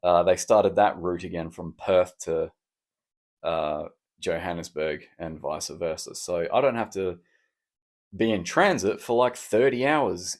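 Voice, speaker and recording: A man's voice: low voice, unhurried. A man hosting a solo podcast, chatting in a rambling, cheeky, self-mocking way. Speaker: podcast host. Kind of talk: casual solo podcast chat.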